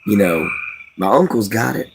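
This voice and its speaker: A tired, sleep-deprived man from Louisiana with a light Cajun accent hosts a live stream, rambling casually and folksily with plenty of fillers. His voice is lowish and creaky, animated at a moderate pace, with background noise present.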